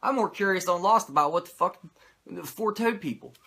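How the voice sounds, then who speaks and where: A man's voice: high-pitched, lively intonation, a little fast, gravelly, sharp tone, slightly rough. A man recapping an old wrestling episode in casual, rambling commentary, swearing freely and going off on tangents. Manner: rambling, profane, self-mocking. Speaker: wrestling show reviewer.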